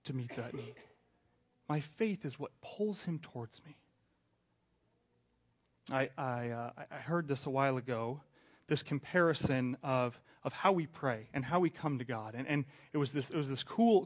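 His sermon sounds like conversation: a fairly high-pitched pastor in his thirties who keeps restarting and shifts from whispered asides to sudden loud outbursts.

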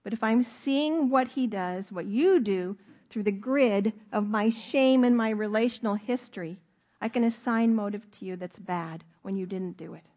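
A woman's voice: mid-range voice, dark tone. A middle-aged woman pastor preaching a sermon in a church, earnest and emphatic, stretching out key words for weight. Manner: earnest, emphatic, with drawn-out stresses.

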